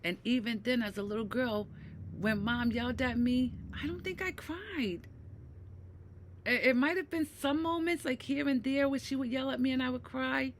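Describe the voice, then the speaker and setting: A woman in her fifties speaking to her viewers about mental health, emphatic, checking in with "right?" again and again, dropping low and quiet, then rising loud and heated. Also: steady tone, normal speed, slight background noise. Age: 50s. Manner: emphatic, repeats "right?" often. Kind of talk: personal talk to camera.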